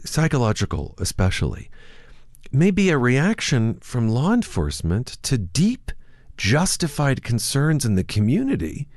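A man's voice: mid-range voice, dry recording, clean studio sound. A man hosting a radio interview, asking inquisitive questions with a wry touch. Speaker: radio host.

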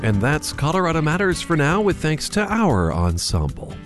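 A man's voice: a little high, huge pitch swings, moderate pace, over loud music. A man reading a scripted radio program outro in a polished announcer style. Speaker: radio host.

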